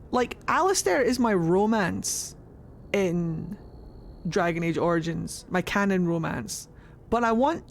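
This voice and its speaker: A woman streaming a video game, chatting excitably and swearing freely. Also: on the low side, creaky, slight background noise. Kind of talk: live gameplay commentary.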